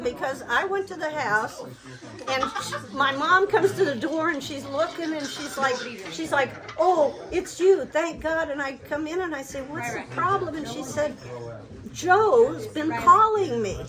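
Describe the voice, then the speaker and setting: A woman with a very high voice recounts a family story to relatives, breaking into laughter along the way. She is recorded in a large indoor room, and a crowd of people talk and laugh around her. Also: moderate pace. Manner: laughing often while telling, animated. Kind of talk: telling a family anecdote to a gathering. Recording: chatter of a crowd in a hall. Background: family members talking and laughing.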